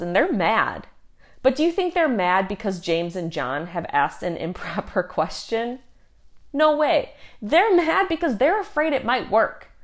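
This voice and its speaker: A woman teaching a youth group in an earnest, conversational way, reading scripture aloud along the way. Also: mid-range voice.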